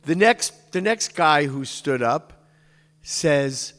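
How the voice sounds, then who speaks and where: A man's voice: a little high, animated, slow, fairly bright tone. A man telling a casual, rambling story to a congregation. He often restarts his sentences and stops to explain how words are pronounced. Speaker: speaker addressing a congregation. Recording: long reverb of a large hall.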